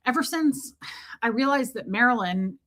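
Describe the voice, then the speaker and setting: A woman live streamer who rambles through stories in a frank, chatty way and swears casually. Her voice is bright and forceful, and sits a little high for a woman. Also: lively intonation, normal speed.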